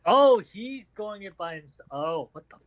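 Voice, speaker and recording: A man's voice: high-pitched, animated, unhurried, dull audio. A man playing a tabletop game, stammering and hesitant as he talks in character. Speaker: player.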